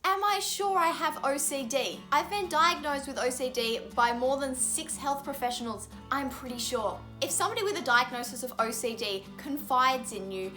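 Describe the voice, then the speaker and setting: A woman's voice: high-pitched, bright, forceful tone. A young woman vlogging to camera, explaining earnestly and with plain frustration, often stressing words by repeating them.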